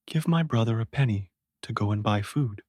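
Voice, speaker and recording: A sly young beggar thief from a storybook, played by a man reading aloud. The voice sits a little higher than the reader's own, husky and dry. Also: moderate pace, darkish tone, dry recording, close to an everyday voice. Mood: wheedling.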